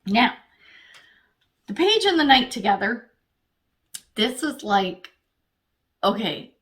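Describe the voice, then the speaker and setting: A woman with a slightly high voice gives a casual tarot reading. She chats straight to the viewer, thinks out loud as she draws cards, and swears freely. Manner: thinks aloud while pulling cards. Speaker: tarot reader.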